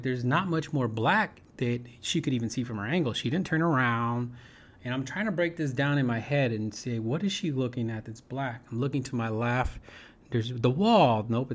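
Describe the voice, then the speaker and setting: A man telling a personal story in a loose, rambling way, often repeating himself and adding "you know" and "right?". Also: mid-range voice. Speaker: speaker sharing a personal story. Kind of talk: informal storytelling talk.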